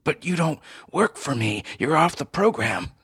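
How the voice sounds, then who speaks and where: A man's voice: a little high, big pitch swings, moderate pace, fairly bright tone, slightly rough, no room sound, clean studio sound, voice pushed up, full character voice. A man voicing a badly wounded TV producer who wheezes and begs for help in agony. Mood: agonized. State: gasping in pain. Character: wounded middle-aged TV producer begging.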